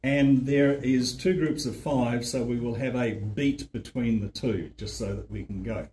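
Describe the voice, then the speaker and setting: A man's voice: medium pitch, a little slow, a little mellow, a little hiss or hum, low-quality recording. A man teaching a language class, enthusiastically leading the group through chanted call-and-response drills.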